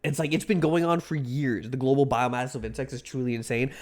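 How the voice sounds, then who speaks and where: A man's voice: medium pitch, fairly quick, hardly any pauses. A young man streaming live, chatting casually with his viewers, rambling, joking and swearing freely. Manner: rambling, excitable, swears a lot, jokes to chat.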